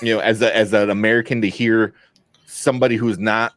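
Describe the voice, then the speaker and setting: A man co-hosting a podcast, chatting about a movie in a rambling, animated way with lots of fillers. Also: fairly low pitch, brisk, dry recording. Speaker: podcast co-host. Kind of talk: casual movie review chat.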